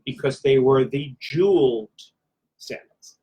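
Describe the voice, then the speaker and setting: A man who is a guest author in a casual chat, soft-spoken and full of compliments. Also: medium pitch, measured pace, breathy edge, highs cut off.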